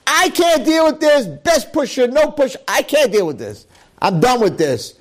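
A man's voice: extremely high pitch, sing-song, a little slow, voice pushed up, full character voice. A man voicing a humble, earnest farmhand who speaks simply and sincerely. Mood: distraught. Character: humble farmhand, later distraught.

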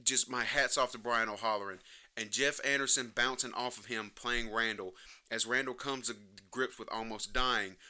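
A man's voice: mid-range voice, steady tone, moderate pace, sharp tone. A man giving a casual, passionate film review, emotional and emphatic, rambling through scenes and swearing now and then.

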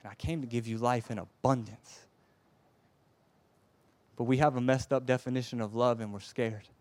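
A man delivers a heartfelt sermon at a medium pitch. He drops to a near hush, then rises to loud emphatic pleas, and he stumbles over repeated words when stirred. The sound is dry and close, with no room echo. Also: fairly even intonation, normal speed. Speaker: preacher.

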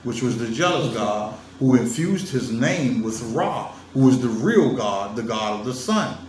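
In a mid-range voice with lively intonation and a slightly slow pace, a vlogger addresses viewers directly about religion. He's emphatic and teasing in this casual monologue, laughing a lot. The sound is roomy, captured by a distant mic, with faint ambience and slight background noise.

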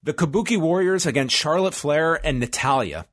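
A man's voice: on the high side, lively intonation, moderate pace, fairly bright tone, no echo. Man recapping in a dry, close voice. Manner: recaps events step by step, dry asides. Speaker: podcast co-host recapping wrestling. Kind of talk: casual chat.

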